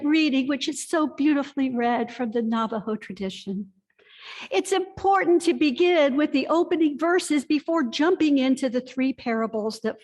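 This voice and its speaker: Slow earnest woman preaching in a reverberant church. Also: fairly high pitch. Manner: slow, earnest storytelling with personal confession. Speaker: pastor. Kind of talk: sermon. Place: church sanctuary. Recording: long reverb of a church hall.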